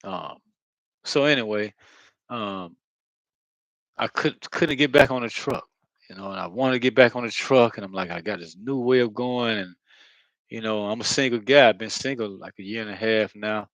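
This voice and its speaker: A man giving a rambling, earnest spiritual monologue, halting with many fillers and heavy sighs, blunt and sometimes swearing. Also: fairly low pitch, fairly bright tone, dry recording, rough recording. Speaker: spiritual vlogger.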